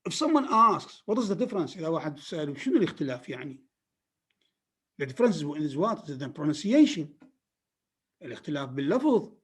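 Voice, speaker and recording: A man's voice: fairly high pitch, very animated, racing, a bit bright, husky. A man lecturing a class on phonetics, repeating words and often checking that his students follow. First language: Arabic.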